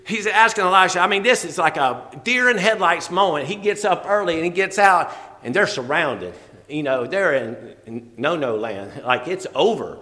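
High, bright-voiced folksy preacher man. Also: animated, moderate pace, long reverb tail. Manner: folksy, laughing often, quoting scripture in old-fashioned wording. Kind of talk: sermon.

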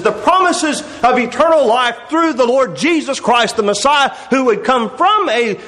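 High-voiced man preaching a sermon. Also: a bit bright, rough recording. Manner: expository preaching, reading scripture aloud. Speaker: pastor.

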